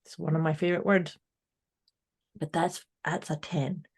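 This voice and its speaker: A woman's voice: low-pitched, level tone, normal speed, husky. A woman co-hosting a podcast in an upbeat, casual way, speaking directly to her listeners. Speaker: podcast co-host. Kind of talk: casual motivational chat.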